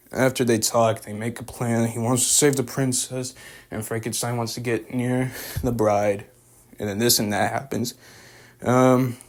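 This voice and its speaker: A young man recapping and reviewing a show in a loose, rambling way, full of fillers and slang. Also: medium pitch. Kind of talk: casual spoken recap and review.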